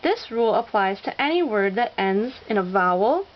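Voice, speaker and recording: A woman narrating a scripted language lesson, slowly sounding out each example word. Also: mid-range voice, very animated, highs cut off. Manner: slow, deliberate, sounding out example words. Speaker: Spanish teacher.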